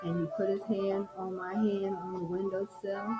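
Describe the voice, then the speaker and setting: A middle-aged woman gives a personal testimony in a soft, unhurried voice. She reflects as she talks. Music plays clearly under her words. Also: mid-range voice, flat delivery, rough recording. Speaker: speaker sharing a personal story. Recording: music playing clearly behind.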